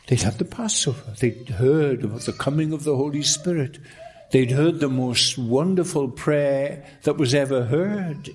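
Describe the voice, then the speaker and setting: A man preaching a sermon, emphatic, with rising exclamations and lines that drop to a hush. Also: mid-range voice, breathy edge.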